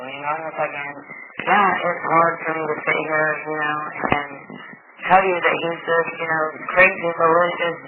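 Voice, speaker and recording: A woman's voice: fairly low pitch, steady tone, a little fast. A woman talking over a visitation phone, emphatic and profane, pushing back hard and agitated. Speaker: mother of a missing child. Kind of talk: casual phone visit conversation. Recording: tinny phone line with loud hiss.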